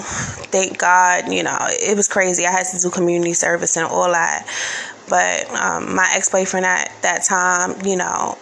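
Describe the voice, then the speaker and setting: A woman talks straight to camera in a casual storytime vlog. Her voice carries a gravelly fry, and faint noise sits under it. She rambles candidly, leaning on fillers and swearing freely. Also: lowish voice, fairly bright tone, low-quality recording.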